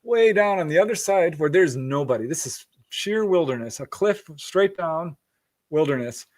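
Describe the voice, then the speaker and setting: A man's voice: on the high side, animated, normal speed, a little mellow. A middle-aged man telling a story as a podcast guest, acting out quoted voices and laughing often. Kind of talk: casual storytelling interview.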